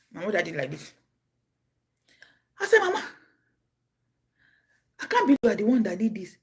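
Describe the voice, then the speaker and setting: A Nigerian woman telling stories on her livestream. She acts out the people in them, jumping from a low murmur to high cries and shouts. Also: big pitch swings, moderate pace, creaky, long pauses, husky. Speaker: livestream host. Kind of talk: casual storytelling.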